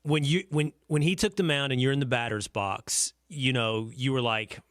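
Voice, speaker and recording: A man's voice: medium pitch, normal speed, no echo, clean studio sound. A man hosting a podcast, chatting with a guest and building up the next segment. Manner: lively, laughing, hype-building host. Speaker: podcast host. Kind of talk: casual interview chat.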